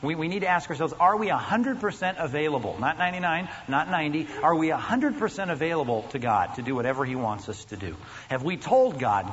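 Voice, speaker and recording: A man's voice: a little high, lively intonation, fast, fairly bright tone. A pastor preaching an earnest, emphatic sermon, asking his listeners questions as he goes. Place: church sanctuary. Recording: dull, lo-fi recording in a large reverberant hall with faint noise.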